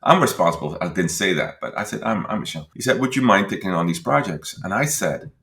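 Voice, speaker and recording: A man with a Dutch accent tells a story as a podcast guest. His low voice swings widely in pitch as he acts out what he thought back then. The room has a clear echo. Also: fast talker. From Netherlands. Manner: animated storyteller acting out his past thoughts. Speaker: guest consultant.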